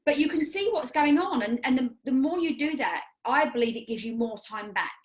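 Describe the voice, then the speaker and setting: A woman's voice: high voice, expressive, a little fast, rough recording. A woman with an English accent, co-hosting a podcast as a life coach, talking in a rambling, chatty way with frequent restarts. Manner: rambling, self-correcting, chatty. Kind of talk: casual chat.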